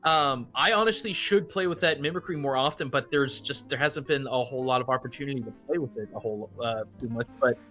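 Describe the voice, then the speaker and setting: A man and tabletop game player chatting casually in a live question session, animated and rambling with restarts. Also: medium pitch, fast talker, hardly any pauses, faint music behind.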